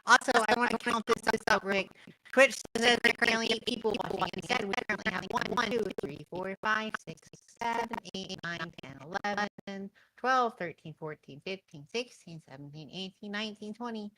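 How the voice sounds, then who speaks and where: A woman's voice: mid-range voice, moderate pace, heavy background noise. A young woman streaming a co-op horror game, swearing and laughing often. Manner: loud, swearing, laughing a lot. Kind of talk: casual let's-play chat.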